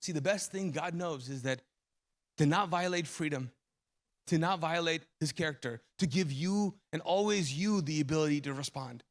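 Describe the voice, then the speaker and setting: Male pastor, 40s, live sermon, slightly high pitch, emotional storyteller. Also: normal speed. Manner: emotional storytelling, voice rising and falling. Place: church auditorium.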